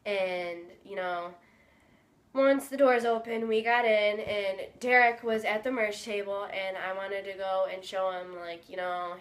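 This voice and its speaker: A young woman recounting a story to her viewers in casual vlog style. She talks in a chatty, excitable way, with plenty of fillers. Her voice sits at an average pitch for a woman. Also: normal speed, a little hiss or hum. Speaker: vlogger.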